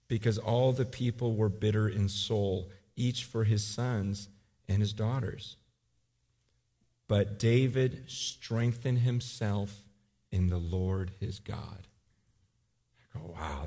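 A man in his forties preaching a sermon, telling a story with animated swings between loud urgency and quiet intensity. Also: medium pitch. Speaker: pastor.

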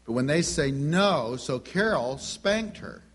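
A man's voice: on the high side, lively intonation, slow pace, fairly bright tone. A middle-aged man preaching a sermon, telling folksy family anecdotes and acting out the dialogue. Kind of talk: sermon with storytelling.

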